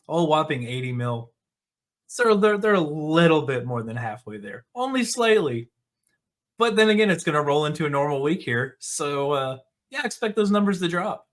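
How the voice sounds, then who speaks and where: A man's voice: fairly high pitch, fairly bright tone. A man hosting his own casual movie commentary, talking in a sarcastic, mocking way.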